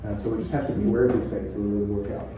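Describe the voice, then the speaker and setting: A pastor with a New Zealand accent, teaching a preaching workshop in a calm, conversational way and laughing often. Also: male voice, lowish voice, very fast, background noise. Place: church hall. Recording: echoey room, far from mic.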